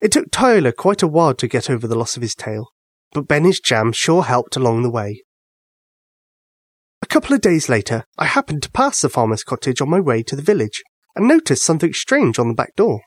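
A man narrating a children's bedtime story with an expressive reading. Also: mid-range voice, fairly quick, dry recording.

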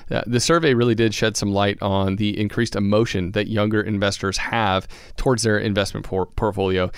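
A man's voice: fairly low pitch, little pitch movement, a little fast, clear, resonant tone, dry recording. Thoughtful male co-host, sincere delivery, dry studio mic. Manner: earnest, reflective. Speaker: podcast co-host. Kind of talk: casual chat.

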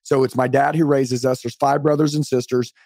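Fast-talking fervent motivational man. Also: mid-range voice, fairly even intonation, creaky, warm tone, no echo, clean studio sound. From United States. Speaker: podcast guest, sales trainer. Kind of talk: energetic storytelling on a podcast call. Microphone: remote call.

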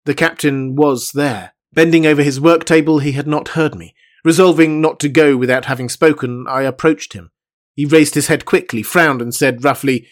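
A man narrating a classic novel in the first person, with a measured and formal delivery. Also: medium pitch. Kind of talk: audiobook reading of a classic novel.

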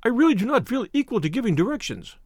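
A man voicing a timid, frightened gentleman in an audiobook, speaking high and pleading. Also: wildly swooping pitch, brisk, dry recording, studio quality, exaggerated voice. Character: timid, fearful middle-aged man, nervous.

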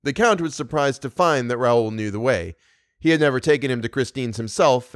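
A man reads a classic novel aloud in a steady, measured way, his voice in the middle range for a man. The recording is dry and close, with no room around it. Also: medium pitch, no echo. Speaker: audiobook narrator. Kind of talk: scripted narration.

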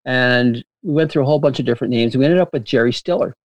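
A man telling stories as a guest in an interview, rambling and animated with frequent laughter and restarts. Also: mid-range voice, fast, dry recording, lo-fi sound. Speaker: filmmaker guest. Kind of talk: casual interview storytelling.

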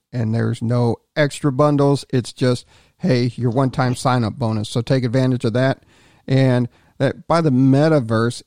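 A man's voice: medium pitch, a little mellow, dry recording. Rambling male podcast host, dry sound. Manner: rambling, with fillers and restarts. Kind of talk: casual podcast chat.

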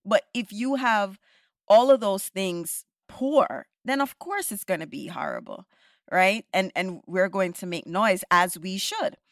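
A woman, a podcast host giving animated, opinionated views in casual discussion, often ending points with "right?". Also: mid-range voice, a little slow, dry recording, studio quality.

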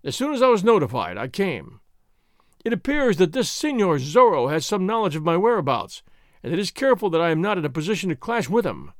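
A man's voice: high-pitched, big pitch swings, brisk, no room sound, clean studio sound. A man voicing an arrogant army captain who speaks in a formal, self-assured, boasting way. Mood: boastful.

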